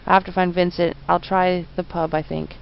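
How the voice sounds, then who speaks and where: A woman's voice: on the low side, flat delivery, moderate pace, gravelly, clean tone, lo-fi sound. A woman casually commentating a point-and-click game, reading the on-screen text aloud and reacting. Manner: reads game text aloud, mutters, then bursts into laughing outbursts. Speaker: game streamer. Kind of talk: casual let's-play commentary.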